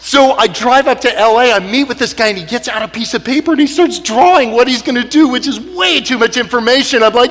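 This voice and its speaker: A man telling comic stories on stage, animated and laughing often. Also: extremely high pitch, brisk, hardly any pauses. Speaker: speaker. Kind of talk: comic storytelling talk. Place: stage in a large hall. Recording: long hall reverb.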